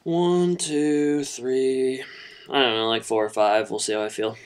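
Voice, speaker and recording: A man's voice: medium pitch, fairly even intonation, measured pace, clear, resonant tone. A man co-hosting a casual podcast, rambling and joking, and bluntly critical of the episode. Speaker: podcast co-host.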